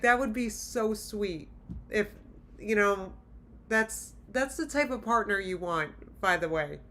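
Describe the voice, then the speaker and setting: A woman's voice: medium pitch, slow, fairly bright tone, slight background noise. A woman hosting a reaction video, talking straight to her viewers in blunt, exasperated casual commentary.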